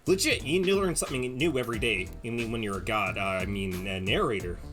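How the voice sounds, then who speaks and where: A man's voice: on the low side, a little fast, fairly bright tone, soft background music. Rambling, stammering male streamer. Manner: rambling, stammering with repeated words. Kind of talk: casual gaming stream commentary.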